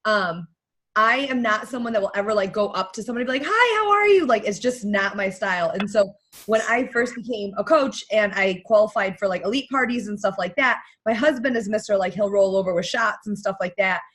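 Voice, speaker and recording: A woman coach giving a blunt, energetic motivational talk on a team call. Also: mid-range voice, fairly quick. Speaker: guest coach.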